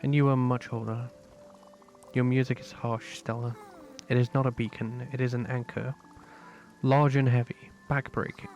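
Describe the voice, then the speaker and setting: Hesitant ancient spirit from a game, a man reads him out, soft, mid-pitched, light music behind. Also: little pitch movement, close to an everyday voice. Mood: hushed, hesitant. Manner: hesitant, halting, quiet. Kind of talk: reading game dialogue aloud.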